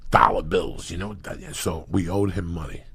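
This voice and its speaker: Deep rough-voiced guy, middle-aged, swearing a lot, telling wild stories. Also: normal speed, background noise. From New Jersey. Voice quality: gravelly. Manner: profane, animated storytelling with acted quotes. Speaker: storyteller guest. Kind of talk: casual storytelling.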